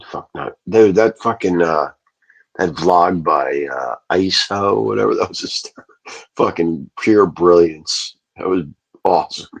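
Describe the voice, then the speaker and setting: A man's voice: deep voice, unhurried, creaky, husky, rough recording. A man ranting casually on a livestream, rambling and swearing as he answers his chat. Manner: profane, rambling, talks back to chat.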